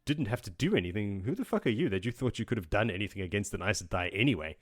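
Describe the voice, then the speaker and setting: Man doing a haughty sorceress, rattled and swearing, bright forceful voice, everyday delivery. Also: lowish voice, lively intonation, racing. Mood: flustered. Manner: swearing, flustered inner asides. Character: proud, rattled female mage, haughty but scared.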